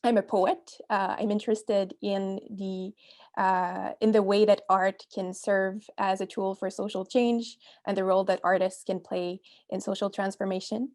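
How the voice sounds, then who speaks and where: A young woman from Quebec speaks on a video call panel in an earnest, halting way, pausing often with fillers. Her pitch sits in the middle for a woman. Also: little pitch movement, a little mellow. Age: young adult.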